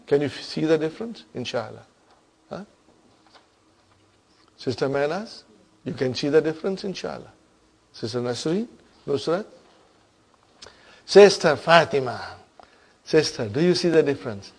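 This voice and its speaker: Slow, patient male Arabic grammar teacher. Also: on the high side, lively intonation, creaky. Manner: slow, patient, often checks with students. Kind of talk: classroom grammar lesson.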